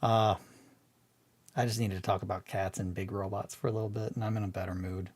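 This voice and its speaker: Rambling, excitable man chatting casually. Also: fairly low pitch, fairly quick. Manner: excitable, rambling, swears freely, restarts often. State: winding down from a bad mood. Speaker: hobby video host.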